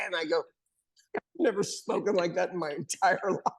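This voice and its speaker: An American man co-hosting a podcast, chatting casually and telling stories with animated acted-out quotes. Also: high voice, normal speed, creaky, husky. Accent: General American. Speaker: podcast co-host. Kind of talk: casual chat.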